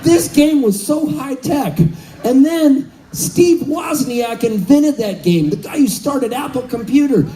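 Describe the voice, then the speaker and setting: A man in his fifties from Southern California, telling a story on stage between songs, animated and laughing, calling out to the crowd. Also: very high-pitched, measured pace, soft background music, rough recording. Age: 50s. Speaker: musician. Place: live concert stage.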